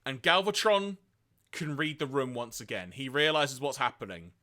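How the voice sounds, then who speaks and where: A man co-hosting a podcast, retelling episodes in a lively way and acting out quoted lines. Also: moderate pace. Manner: lively storytelling, acts out quoted lines in high voices. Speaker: podcast co-host. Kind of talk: casual podcast recap.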